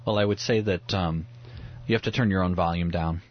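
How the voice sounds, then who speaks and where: A man's voice: sits low, a little fast, highs cut off. A man speaking as a pastor and radio guest, teaching on a Bible passage in an earnest, reflective way, often restarting his sentences.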